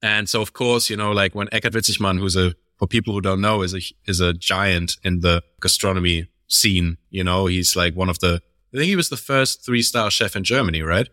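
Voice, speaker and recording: A man with a low but bright, forceful voice tells a rambling story on a podcast. He fills it with "you know" and briefly mimics the people in it. The recording is close and dry. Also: steady tone, a little fast, no room sound. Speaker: podcast co-host. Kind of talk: casual chat.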